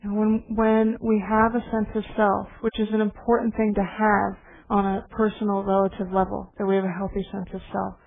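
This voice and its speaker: Gentle woman giving a dharma talk, tinny. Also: mid-range voice, completely flat delivery, brisk, vocal fry. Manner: gentle, reflective storytelling. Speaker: meditation teacher. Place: meditation hall. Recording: tinny phone-like recording with faint hiss.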